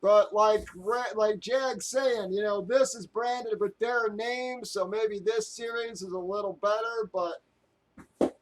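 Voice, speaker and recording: A man with a high voice vents on his live stream, talking straight to his viewers. He is angry, swears freely, and rambles, breaking off and restarting his sentences. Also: steady tone, slow pace, rough recording. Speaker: live stream host breaking sports card boxes.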